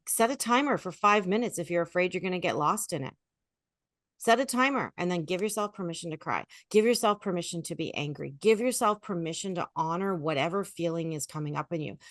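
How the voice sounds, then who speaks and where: A woman grief coach giving animated, expressive advice in a podcast conversation. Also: fairly low pitch, dry recording, clean studio sound. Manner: animated, expressive, lively storytelling.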